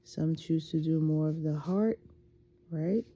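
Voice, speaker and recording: A woman's voice: sits low, takes it slowly, warm tone. A woman who just woke up, giving a rambling, casual spiritual pep talk straight to her phone, full of fillers and self-talk. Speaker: faceless content creator.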